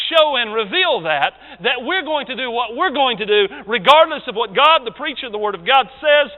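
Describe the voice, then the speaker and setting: Emphatic preacher with a high, lively voice. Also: male voice. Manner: emphatic, with sudden drops to quiet asides. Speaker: pastor. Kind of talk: sermon. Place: church sanctuary. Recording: tinny lo-fi church recording, long reverb, mains hum.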